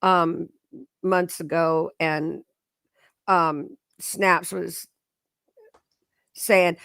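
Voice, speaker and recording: A woman chatting casually on a livestream as co-host, unhurried and hesitant with fillers. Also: fairly low pitch, fairly even intonation, gravelly, a bit bright, dry recording.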